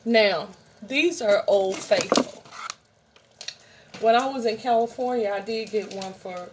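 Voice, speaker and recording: Middle-aged woman vlogger, unhurried and rambling, direct to camera, faint noise behind. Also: mid-range voice. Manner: rambling, chatty, talks to viewers directly. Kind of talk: casual show-and-tell vlog.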